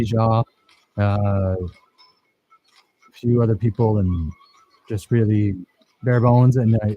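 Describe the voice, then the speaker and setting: Husky man explaining his film footage. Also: fairly low pitch, mellow, low-quality recording. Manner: enthusiastic, rambling, praises students. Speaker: filmmaker teaching editing. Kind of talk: casual workshop talk over footage.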